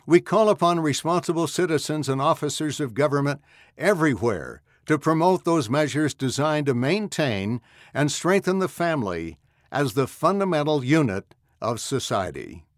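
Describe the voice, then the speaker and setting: Male reader, slightly high voice, solemn measured church narration, dry close sound. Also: lively intonation, dry recording. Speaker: audio magazine reader. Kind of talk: scripted narration of a church address.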